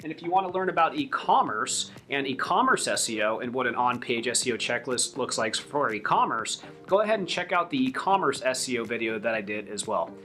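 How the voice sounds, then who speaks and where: A man walks through a step-by-step tutorial in a relaxed, conversational way. His voice sits at an ordinary middle pitch, and he leans on repetition to stress his points. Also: brisk, few pauses, soft background music. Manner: conversational, repeats "really, really important"; upbeat sign-off at the end. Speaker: SEO educator. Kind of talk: tutorial video.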